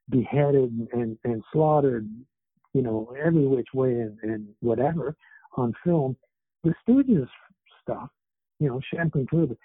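A man's voice: mid-range voice, husky, no echo. A man in his seventies, an author who was born in England and raised in Canada, chatting in a rambling way with many fillers as an interview guest over a tinny phone line. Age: 70s. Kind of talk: casual interview chat.

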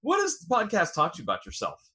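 A man hosting a podcast, asking his guest questions in a relaxed, easygoing way. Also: high voice, quick pace, breathy edge. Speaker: podcast host. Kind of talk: casual interview questions.

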